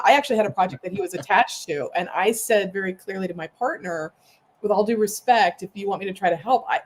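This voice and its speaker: A woman co-hosting a podcast in casual chat, telling stories in a candid, animated way. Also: medium pitch. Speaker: podcast co-host.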